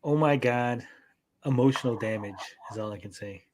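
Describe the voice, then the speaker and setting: A man and parent, a podcast co-host, telling stories in casual chat, animated and full of swearing. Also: mid-range voice, normal speed. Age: adult parent. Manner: profane, animated storytelling.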